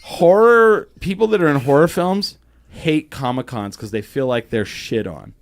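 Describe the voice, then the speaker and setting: A podcast host in casual chat, telling stories in a profane, animated way with quick, run-on delivery full of restarts. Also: male voice, fairly high pitch, vocal fry.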